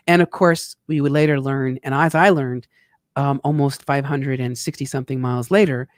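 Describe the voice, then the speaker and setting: Casting: upbeat male host, fairly high voice, dry close sound, lively storyteller who swears now and then. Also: no room sound. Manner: animated, swings between excited and weary asides; occasional swearing. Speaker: tax talk show host. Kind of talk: casual talk over travel photos.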